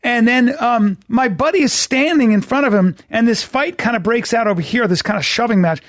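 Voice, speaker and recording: High-voiced comedian, self-mocking. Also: male voice, no room sound, clean studio sound. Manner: self-deprecating, halting restarts, laughing asides. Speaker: comedian and podcast guest. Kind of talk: casual podcast storytelling.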